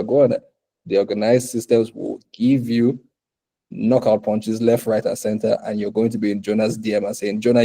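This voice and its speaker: Man, from Africa, motivational bootcamp talk, very warm dark tone, animated, laughs a lot. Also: on the low side. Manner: animated, laughs often, acts out quotes. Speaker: bootcamp speaker.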